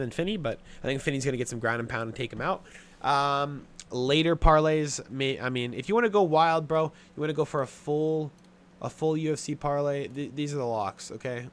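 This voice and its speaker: A young man hosting a sports betting show, running through his picks in a blunt, casual way with plenty of swearing and filler words. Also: mid-range voice. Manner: blunt, profane, offhand with many fillers. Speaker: sports betting podcast host.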